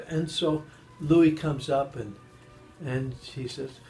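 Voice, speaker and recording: An older man telling jokes in a loose, rambling way, stumbling over his words and restarting often. His voice sits a bit high for a man and leaps even higher for the people in his stories. Soft music plays under him. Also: poor audio. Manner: animated, jumps high in pitch for voices in the jokes; halting, with many restarts. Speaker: joke teller. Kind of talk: casual joke telling.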